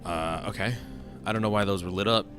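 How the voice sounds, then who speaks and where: A man's voice: fairly low pitch, steady tone, fairly quick. A man giving casual, rambling let's-play commentary, joking at his own expense, on a desk mic that picks up his key presses. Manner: chatty, rambling, self-deprecating. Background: game music.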